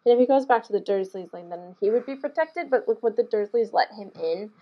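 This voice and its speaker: A woman's voice: mid-range voice, a little fast, lo-fi sound. A woman co-hosting a casual book discussion, thinking aloud in a rambling way with many fillers. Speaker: podcast co-host.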